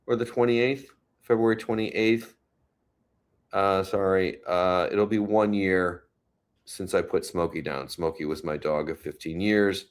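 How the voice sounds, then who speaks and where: A man's deep, low voice carries a laid-back live-stream chat from his New York City home. Taking his time, he talks about the weather and offers soft, consoling replies to viewer comments.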